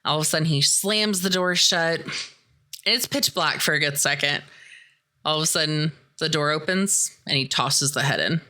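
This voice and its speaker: A woman hosting a podcast, casually recapping a horror film in an animated way and swearing freely. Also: low voice, normal speed. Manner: animated, profane retelling. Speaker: podcast host.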